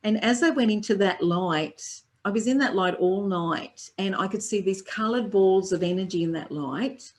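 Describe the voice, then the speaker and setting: Older woman, Reiki teacher, interview guest, lively storyteller, mid-pitched voice. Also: moderate pace, few pauses. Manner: lively storyteller who acts out quoted dialogue.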